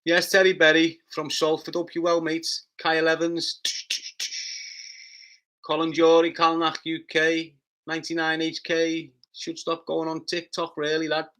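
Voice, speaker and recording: A man with a Liverpool accent hosting a casual livestream, reading out chat comments with brash, sweary, rapid-fire banter and loud taunting outbursts. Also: fairly high pitch, completely flat delivery. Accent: Liverpool (Scouse). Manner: bursts into loud taunting rants.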